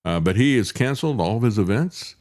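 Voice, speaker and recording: A man's voice: lowish voice, expressive, fairly quick, darkish tone. A middle-aged man hosting a commentary show, sardonic and chuckling, with frequent "uh" fillers. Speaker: host.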